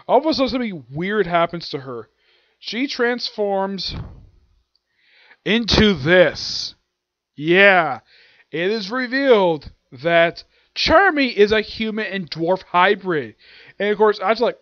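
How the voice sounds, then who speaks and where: A man's voice: high-pitched, moderate pace, no echo, lo-fi sound. A man reviewing an anime and manga chapter in a casual, rambling way, stopping to hunt for names and acting out the characters' lines.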